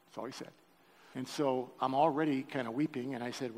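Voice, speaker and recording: A man's voice: medium pitch, steady tone, fairly quick, a little mellow. An older man preaching a sermon, telling a personal story with emotion and joking with the congregation. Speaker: pastor. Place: church sanctuary. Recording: reverberant church hall.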